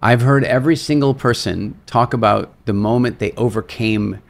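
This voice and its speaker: A man who is a speaker and seminar leader, telling stories as a podcast guest and acting out quotes with lively energy. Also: mid-range voice, normal speed, creaky. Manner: animated storyteller, acts out quotes, repeats words. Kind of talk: storytelling in a podcast interview.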